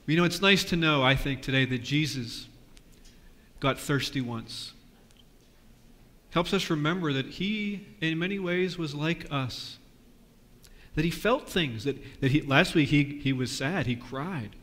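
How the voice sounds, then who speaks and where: A man leading a lively children's sermon, asking the kids questions in a church with a balcony. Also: fairly high pitch, unhurried. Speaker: pastor. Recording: long reverb of a church.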